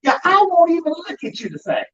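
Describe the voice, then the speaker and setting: A man's voice: very high voice, very animated, brisk, sharp tone, dull audio, a little hiss or hum. A man who works as an undertaker and hosts a show, talking emphatically about grief in a preaching style and calling out to the audience. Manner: emphatic, calls out to the audience with "y'all".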